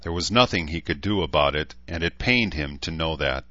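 A man narrates a novel in a very low voice, raising it to play the characters' dialogue. The recording is dry with no room sound and a slightly dull, muffled tone. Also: animated, normal speed, bright, forceful tone, no echo. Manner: acts out characters' lines with raised pitch and force. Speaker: audiobook narrator. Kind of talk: scripted narration.

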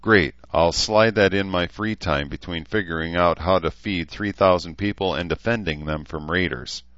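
A man voicing a harried, exasperated and gruff male town leader in an audiobook. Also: sits low, normal speed, fairly bright tone, dry recording, dull audio.

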